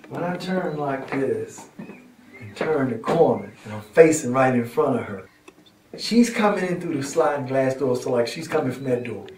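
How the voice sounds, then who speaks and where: Animated man in a roomy echo. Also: medium pitch, normal speed. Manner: acts out scenes and voices, drops to hushed tones. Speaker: prisoner telling his story. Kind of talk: animated storytelling. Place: prison visitation room, indoors. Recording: roomy echo, faint guitar music.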